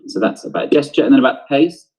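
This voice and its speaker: A man's voice: medium pitch, animated, fast, darkish tone, poor audio. A man teaching an online drama lesson, explaining step by step and thinking aloud. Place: home, on a video broadcast.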